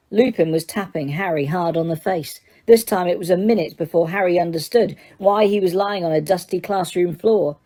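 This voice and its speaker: Mellow-voiced woman narrating an audiobook. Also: medium pitch, a little slow, hardly any pauses. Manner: steady, dramatic storytelling. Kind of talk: scripted narration.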